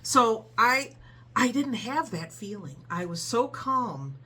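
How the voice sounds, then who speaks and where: A woman telling a story casually in a vlog, animated and acting out the people in it. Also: a little high, slow pace, breathy edge. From Ohio, USA.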